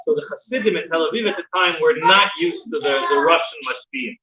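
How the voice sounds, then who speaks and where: A man with a high voice tells stories to a class, stumbling over repeated words and restarting his sentences. He sounds far from the mic in a roomy, echoing space. The sound is dull, and a crowd can be heard around him. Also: fairly quick. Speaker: teacher giving a weekly class. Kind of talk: storytelling in a religious class. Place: room with a live audience. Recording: distant, dull, roomy with audience.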